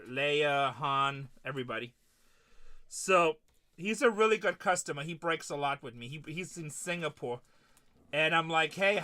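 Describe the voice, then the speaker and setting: A man's voice: a little high, pushed and bright. A man hosting a live card-break stream, chatting casually and retelling stories of his conversations with customers.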